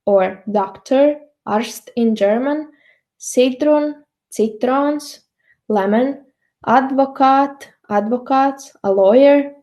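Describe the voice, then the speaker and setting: A young woman with a Latvian accent gives a measured slide lecture, peppered with ums and uhs. Her voice is a little high and mellow.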